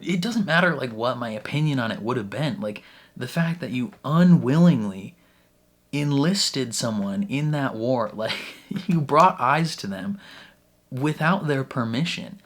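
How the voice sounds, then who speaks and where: A man hosting a reaction vlog in casual, animated talk, laughing between phrases and leaning heavily on "like" as a filler. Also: mid-range voice, unhurried. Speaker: reaction channel host.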